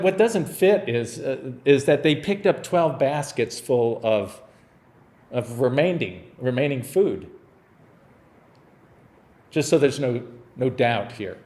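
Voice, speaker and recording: A man's voice: mid-range voice, a little mellow. A man preaching a sermon as pastor, explaining a Bible passage in a casual, conversational way and acting out scenes with humor.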